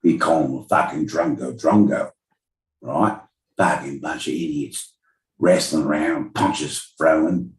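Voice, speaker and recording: A man's voice: a bass voice, roomy sound, far from the mic, pitched below the performer's own voice, full character voice. A man voicing a coarse Australian street brawler with a put-on Australian accent, swearing and blunt.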